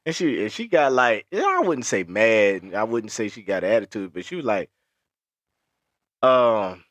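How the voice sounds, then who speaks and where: A young adult man co-hosting a podcast in casual chat, telling stories, often laughing and jumping up high to quote other people. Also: moderate pace, no echo. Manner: animated storyteller, acts out high-pitched quotes, laughs often. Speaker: podcast co-host.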